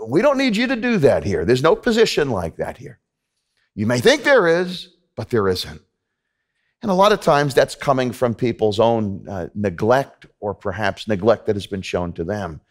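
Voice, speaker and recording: This pastor, with a medium-pitched and very animated voice, preaches at normal speed in a church sanctuary. Earnest and conversational with the congregation, he tends to say things more than once.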